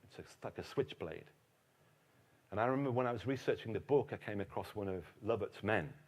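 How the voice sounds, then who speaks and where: A man from Britain giving a keynote history lecture, telling anecdotes in a lively, animated way. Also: lowish voice, a little fast.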